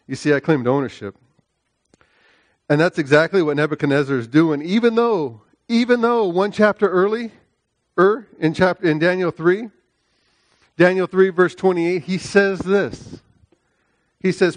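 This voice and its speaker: At a measured pace with frequent pauses, a middle-aged man preaches while recounting a personal story. Emphatic and repetitive, he keeps asking "right?" and alternates loud, high preaching with quieter storytelling; there's no room sound.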